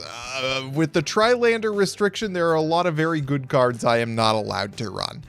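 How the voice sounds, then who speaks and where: With a fairly high voice, a wry, upbeat YouTube commentator delivers casual play-by-play of card duels. He hiccups along the way and speaks to his viewers as folks.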